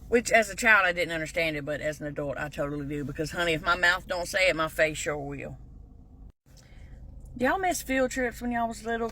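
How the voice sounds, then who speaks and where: A woman's voice: on the low side, sharp tone. A middle-aged woman, telling sassy, folksy stories in a casual comedic monologue. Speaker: vlogger.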